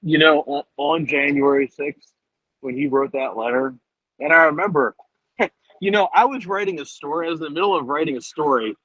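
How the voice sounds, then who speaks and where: A man who is a political journalist and biographer, answering at length in a rambling, animated way with many fillers and restarts. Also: fairly high pitch, husky, no echo. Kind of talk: conversational interview answer. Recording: dull, muffled remote audio.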